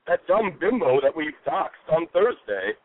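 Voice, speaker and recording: A man's voice: on the high side, sing-song, unhurried, no room sound. Contemptuous male caller on a phone line. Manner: blunt, contemptuous, threatening. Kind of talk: call-in radio talk.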